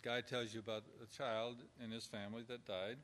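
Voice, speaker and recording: Fairly quick and fairly bright, this male instructor on pastoral caregiving speaks in a mid-range voice that barely moves in pitch. His informal lecture runs through numbered points, delivered conversationally, with example dialogue acted out.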